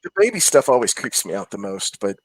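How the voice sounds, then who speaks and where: A man's voice: lowish voice, sing-song, fairly quick, slightly rough, no echo. A man co-hosting a casual chat, telling a personal story in an earnest, hesitant way. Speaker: podcast co-host. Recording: dry close sound.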